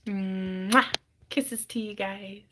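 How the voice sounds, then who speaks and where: A woman's voice: medium pitch, steady tone, drawn-out words, very noisy. A woman hosting a casual craft livestream from her home craft room, chatty and often dropping into whispered baby talk. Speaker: livestream host selling crafts.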